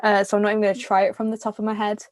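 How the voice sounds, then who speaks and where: A woman's voice: medium pitch, monotone, very fast, no room sound. Chatty young English woman, dry sound. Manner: chatty, bubbly, gushing compliments. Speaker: host. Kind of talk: casual video chat.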